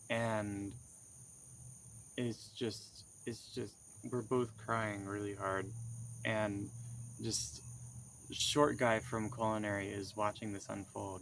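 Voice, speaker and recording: Gravelly slow-talking young man. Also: lowish voice, steady tone, a bit bright, slight background noise. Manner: rambling, halting, full of fillers and restarts. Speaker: vlogger recounting a dream. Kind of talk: casual rambling storytelling.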